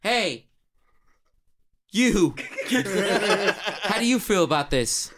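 A man's voice: sits high, sing-song, extremely slow, noisy background, exaggerated voice. A man voicing a brash, crude male jock team captain who rambles boastfully and swears constantly. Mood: swaggering rant. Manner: swaggering, profane, rambling storyteller.

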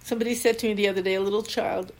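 A woman's voice: mid-range voice, steady tone, very fast. An older woman, a Zen teacher, giving a dharma talk with anecdotes and frequent laughter. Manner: warm storytelling, laughs often.

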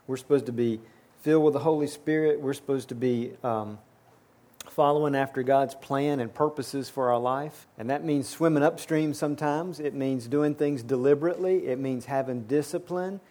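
A man's voice: medium pitch, moderate pace, warm tone. A man preaching a sermon to his church, earnest and repeating words as he builds his points. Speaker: pastor.

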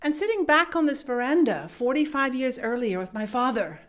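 A woman from the United States telling a personal story as a motivational speaker, animated and vivid, laughing as she goes. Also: high voice, moderate pace, few pauses. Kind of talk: storytelling talk.

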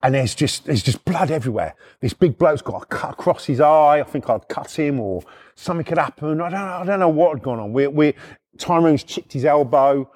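A middle-aged man with a British accent, telling a rough anecdote in blunt, heavily profane casual speech. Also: fairly high pitch, animated, a little fast, darkish tone. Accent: British English. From United Kingdom. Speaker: storyteller.

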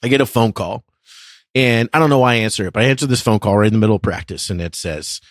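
A man in his thirties hosting a faith podcast, telling a story in a lively, laughing way. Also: on the low side, quick pace, no echo, clean studio sound. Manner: animated, laughs through his own story. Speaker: podcast co-host. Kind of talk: casual storytelling chat.

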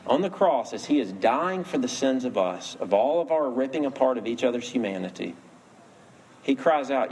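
Male preacher, sermon delivery, earnest storyteller, average pitch, faint background hum. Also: lively intonation, moderate pace, darkish tone. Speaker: pastor.

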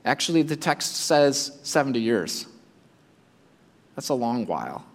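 A man preaching a sermon, speaking in an animated way and acting out the imagined voices of his listeners. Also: medium pitch, unhurried, long pauses, big-room sound. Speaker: pastor.

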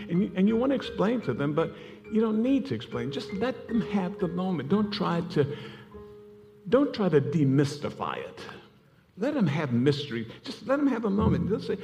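Male pastor, lively storytelling sermon, music playing underneath. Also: high-pitched, fairly quick, gravelly. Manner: storytelling preacher, animated, laughing asides.

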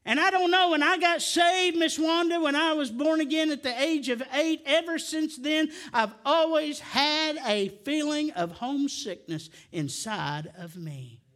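A middle-aged man preaching a sermon, swinging from near shouts down to low, quiet stretches. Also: unhurried, few pauses. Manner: emphatic preaching, rising to near shouts then dropping low. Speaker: pastor.

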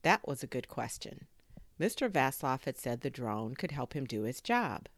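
A woman reading a children's chapter book aloud, expressive and full of sound effects. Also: extremely low pitch, moderate pace. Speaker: story reader.

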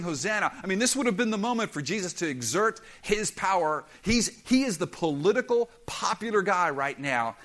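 A man's voice: high-pitched, a bit bright. A man preaching a sermon as pastor, impassioned and emphatic, acting out quoted voices.

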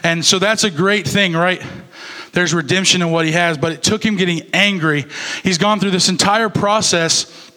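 A man's voice: sits high, moderate pace, pushed and bright. A young man preaching a sermon as a youth pastor, in a casual, conversational way with fillers and restarts.

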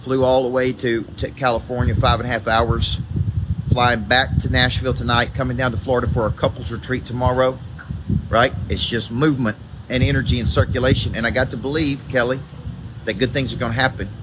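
A man with a Southern accent, a motivational coach giving an energetic live morning talk to viewers, repeating key phrases and greeting people by name. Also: mid-range voice, brisk. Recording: loud background noise.

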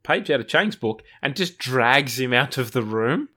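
A man hosting a podcast, retelling a TV episode in a loose, rambling way. He slips into quick put-on voices for the quotes, with a middle pitch. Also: animated, bright, forceful tone. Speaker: podcast host. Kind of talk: casual episode recap.

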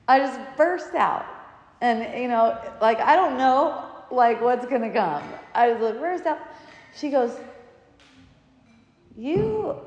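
A woman with a fairly high voice talks loosely and warmly through personal stories, laughing often as she goes. Her voice rings in a roomy space with a long trailing reverb. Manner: laughing often, meandering storytelling. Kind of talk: casual spiritual talk. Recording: echoey room with long reverb.

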